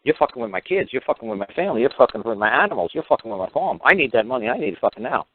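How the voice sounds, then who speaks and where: A man's voice: mid-range voice, sing-song, racing, breathy edge. A man hosting a call-in radio show, talking in a blunt, heated, profane and rambling way. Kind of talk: blunt radio talk with retold calls. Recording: tinny phone-like line, dry.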